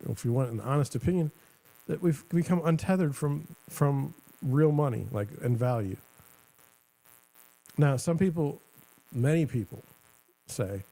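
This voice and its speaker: Middle-aged male host, gravelly, dark tone, rambling sarcastic commentary. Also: a little high, animated, measured pace, pauses often. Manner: rambling, sarcastic, self-interrupting. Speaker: show host. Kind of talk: casual commentary.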